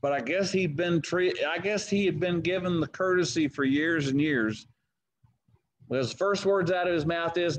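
A middle-aged Southern man teaches a church Bible study in a relaxed, folksy way, weaving personal stories around scripture quotes. His voice sits a bit high for a man. A faint hiss of background noise runs under the recording. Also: normal speed, poor audio. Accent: Southern American. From American South. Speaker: preacher leading Bible study.

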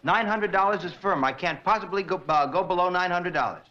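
A man's voice: high voice, a little fast, lightly acted. A man in his thirties playing a wisecracking, flustered radio disc jockey in a 1960s sitcom. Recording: lo-fi 1960s TV audio, hiss.

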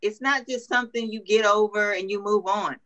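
A young woman on a video call, earnestly telling her story as an interview guest and often pausing with ums. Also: mid-range voice, steady tone, a bit bright, dull audio. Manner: earnest, hesitant with many ums. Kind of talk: emotional interview testimony.

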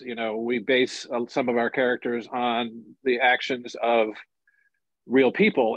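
A man in his sixties, a journalist and author, telling stories and reflecting in a relaxed interview conversation. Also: medium pitch, no echo. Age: 60s. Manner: storytelling, animated, relaxed and reflective. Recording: dull lo-fi sound, dry.

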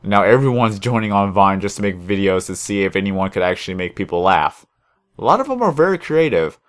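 Laid-back young man, fairly low voice. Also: big pitch swings, fairly quick. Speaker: gaming channel host. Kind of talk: casual chat while playing a game.

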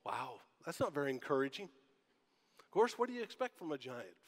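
A man's voice: fairly high pitch, big pitch swings, a little fast. Preaching man in a reverberant church. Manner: conversational preaching with rhetorical questions. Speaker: pastor. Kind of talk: sermon. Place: church sanctuary. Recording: long church hall reverb.

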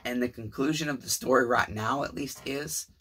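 A man in his thirties with a Southern US accent tells a story in a small shed, rambling between cussing and preaching. His voice is forceful with a husky edge. He speaks in a casual, animated way to his viewers. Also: medium pitch, moderate pace. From Tennessee, US. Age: 30s. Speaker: channel host.

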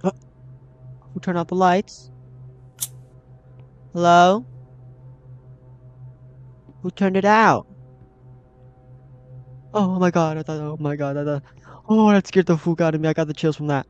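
A man's voice: high voice, measured pace, long pauses, clear, resonant tone, muffled recording, soft background music. A young man hosting a horror game let's play, easily startled and talking to himself and his viewers as he goes. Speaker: gaming channel host.

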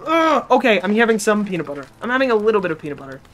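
Streamer, excitable and chatty, live gameplay commentary, addresses chat. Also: medium pitch, very fast. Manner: excitable, chatty, talks to chat, reads game text aloud.

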